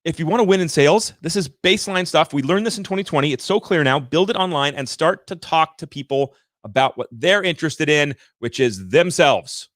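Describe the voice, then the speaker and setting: A man's voice: on the high side, fairly quick, few pauses, dry recording, clean studio sound. Emphatic man hosting a sales livestream. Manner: energetic, emphatic and ranting, addresses viewers directly. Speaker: livestream host and sales coach. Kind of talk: motivational livestream talk.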